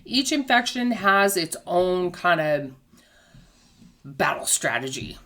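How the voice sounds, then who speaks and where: A woman's voice: lowish voice, very animated, slow pace, fairly bright tone. A woman teaching a casual health lesson. She explains patiently with everyday comparisons and often checks in with "okay?". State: has the hiccups. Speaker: health educator.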